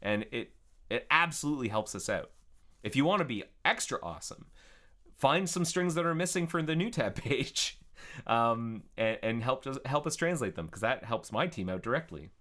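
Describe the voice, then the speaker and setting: A man chatting casually as he codes on a live stream, thinking aloud in a relaxed way. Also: medium pitch, moderate pace. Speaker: software developer streaming his work. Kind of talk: casual live-coding narration.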